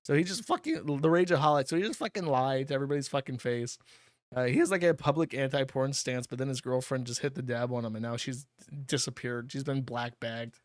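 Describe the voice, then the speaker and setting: A man's voice: medium pitch, fairly quick, no room sound, studio quality. Crude offhand man hosting a stream. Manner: blunt, crude and offhand, laughs often. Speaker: livestream host reading donations. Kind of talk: casual streaming commentary.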